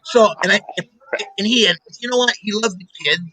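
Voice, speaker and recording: A middle-aged man hosting a casual chat show, telling animated stories and laughing often. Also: high-pitched, fairly quick, slight background noise, low-quality recording. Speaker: show host. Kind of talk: casual radio-style chat.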